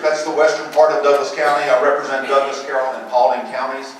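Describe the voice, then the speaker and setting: A man addressing a forum audience as a politician, in a quick, joking, conversational way. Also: medium pitch, completely flat delivery, a little hiss or hum. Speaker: state senator speaking at a forum. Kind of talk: campaign speech. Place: large echoey hall. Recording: echoey hall from far off.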